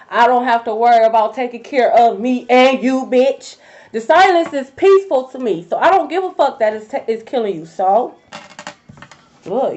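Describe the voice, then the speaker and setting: A woman who reads tarot, telling a story to her viewers in a blunt, profane, animated way, addressing them as y'all. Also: on the high side. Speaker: tarot reader. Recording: dull lo-fi recording.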